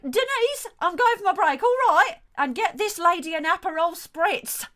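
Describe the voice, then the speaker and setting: A woman's voice: on the high side, huge pitch swings, normal speed, noisy background. A woman playing a brusque, dismissive hairdresser in a comedy sketch, bossy and blunt.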